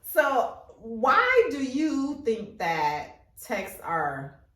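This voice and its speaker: A woman's voice: fairly high pitch, extremely slow, distant mic. A woman co-hosting a podcast, chatting casually and steering the conversation. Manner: relaxed, conversational, steers the topic. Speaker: podcast co-host. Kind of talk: casual chat. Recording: roomy echo, set back from mic.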